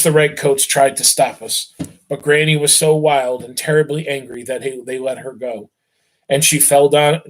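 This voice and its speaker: Relaxed male teacher reading a novel aloud. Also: medium pitch. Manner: relaxed recap with fillers, then steady dramatic reading.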